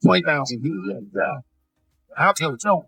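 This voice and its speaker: A man's voice: a little high, sing-song, moderate pace, gravelly, fairly bright tone, soft background music. A man in his fifties doing a stand-up routine, rambling through self-deprecating asides with frequent restarts. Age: 50s. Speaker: stand-up comedian.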